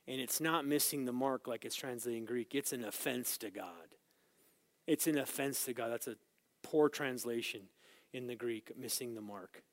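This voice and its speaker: A man teaching a Bible lesson as a sermon, swinging between loud, emphatic scripture reading and quiet, casual asides to his listeners. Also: mid-range voice, moderate pace, no echo. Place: church room with small group.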